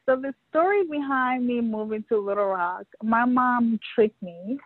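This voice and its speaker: A woman's voice: fairly high pitch, a little slow, dry recording. Woman from new york chatting over a phone line, laughs a lot, tinny and dry. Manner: laughs often, animated storytelling. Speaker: interview guest, fashion show organizer. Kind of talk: casual conversation.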